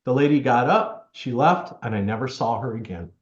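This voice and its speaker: A man's voice: mid-range voice, normal speed. Chatty man telling stories in a roomy space. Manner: chatty, animated storyteller, acts out quotes. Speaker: tech helper for seniors, guest. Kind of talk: casual storytelling interview. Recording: roomy, slightly dull sound.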